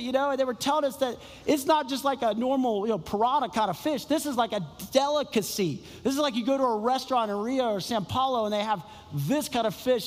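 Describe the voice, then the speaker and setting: A man with a notably high voice delivers a sermon in an animated storytelling manner, repeating his key phrases for emphasis. His voice carries a long reverb, as if from a large hall. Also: fast, hardly any pauses. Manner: storytelling, exclamatory and repetitive. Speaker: pastor.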